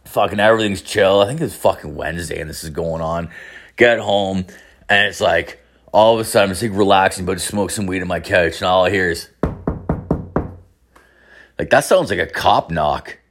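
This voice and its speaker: Man, thirties, profane, rambling, animated storyteller. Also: deep voice, moderate pace, faint music behind. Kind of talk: comedic personal storytelling.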